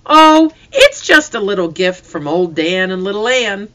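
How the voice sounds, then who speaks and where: A jovial farm father speaks heartily and cheerfully, acted out by the story's reader. His voice is bright and lively in pitch. It is a storybook reading of a family tale. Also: measured pace, poor audio. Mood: hearty. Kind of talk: audiobook character voice.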